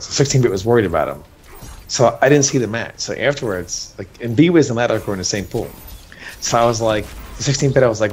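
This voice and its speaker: A man's voice: on the low side, fast talker, slight background noise. A man chatting casually as a co-host, telling tournament stories, laughing and acting out quotes. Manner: animated, laughing, acts out quotes. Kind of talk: casual storytelling chat.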